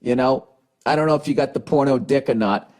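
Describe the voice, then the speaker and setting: A man's voice: mid-range voice, brisk, darkish tone. A man with a Boston accent hosting a podcast, giving blunt, sarcastic, profane advice as he reads listener letters, with the hiccups. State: has the hiccups. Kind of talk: casual podcast advice rant.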